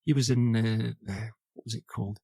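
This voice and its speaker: A man's voice: fairly low pitch, fairly even intonation, a little fast, creaky, a little mellow, no room sound. Rambling man on a podcast. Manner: rambling, many fillers and restarts. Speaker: podcast co-host. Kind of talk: casual film chat.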